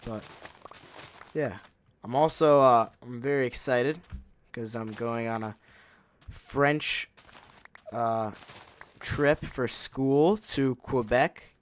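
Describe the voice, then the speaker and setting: A man chatting casually while playing a game, rambling along with lots of fillers. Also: medium pitch. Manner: rambling and unhurried, with many fillers. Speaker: gaming channel host. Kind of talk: casual gameplay commentary.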